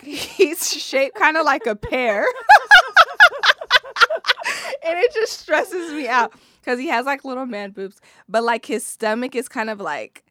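A woman's voice: fairly high pitch, dry recording, clean studio sound. A woman with retelling a reality show in casual chat, swearing freely and acting out what people said. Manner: animated storyteller, acts out quotes, swears freely. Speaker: podcast co-host.

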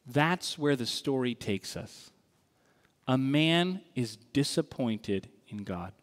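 A male pastor gives an earnest, wry sermon in a slow, unhurried way. His fairly high voice carries a long reverb from a large church hall.

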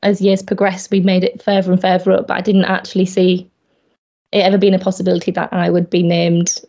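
A woman's voice: on the low side, completely flat delivery, brisk. A woman with a light Yorkshire accent, a guest on a podcast, talking in a modest, friendly way. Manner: modest, friendly, with soft laughs. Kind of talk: casual interview chat.

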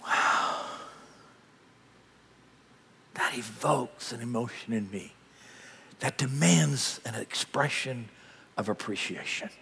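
An older man preaching a sermon, telling stories with big swings between loud bursts and hushed asides. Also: medium pitch, a little slow, vocal fry, a little hiss or hum. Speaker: pastor. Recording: long hall reverb.

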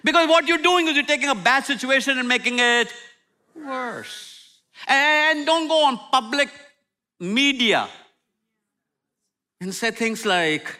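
A middle-aged man preaching a sermon with humor, swinging from loud outbursts to near-whispers. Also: very high-pitched, slow, long pauses. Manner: animated, humorous preaching with sudden loud and soft turns. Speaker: pastor.

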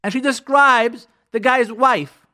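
Speaking slowly in a very high voice, a male radio show host rambles through an on-air story. He fills it with fillers and restarts and acts out the people's dialogue with animation.

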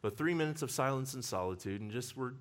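Man, pastor, sermon, animated storytelling, frequent laughter, very lively pitch. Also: quick pace. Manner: animated storyteller who laughs often while talking. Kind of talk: sermon with personal stories.

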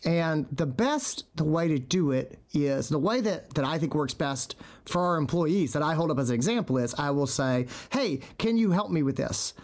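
A man's voice: on the high side, lively intonation, normal speed, hardly any pauses. A middle-aged man, a veterinarian podcast host, telling stories in casual chat and acting out quotes with animation.

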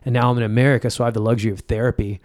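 A man's voice: mid-range voice, little pitch movement, very fast, darkish tone, no room sound, clean studio sound. A male comedian in casual conversation, telling personal stories and acting out the dialogue. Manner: storytelling, acts out quoted dialogue. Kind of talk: casual podcast chat.

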